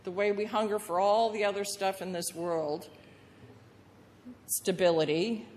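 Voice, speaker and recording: A woman pastor preaching a sermon, telling the story lively and acting out the voices of the people in it. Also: medium pitch, measured pace, long reverb tail, slight background noise. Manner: storytelling with acted-out voices of the crowd and Jesus.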